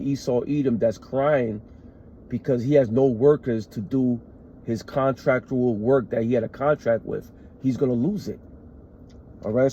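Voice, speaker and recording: A man preaches scripture in a very dark, mellow voice and stresses his points hard. He reads a verse aloud and then explains it. The recording sounds muffled, with faint noise behind him. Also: medium pitch. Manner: emphatic, repeats "all right" and "man". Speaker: street preacher. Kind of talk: scripture teaching.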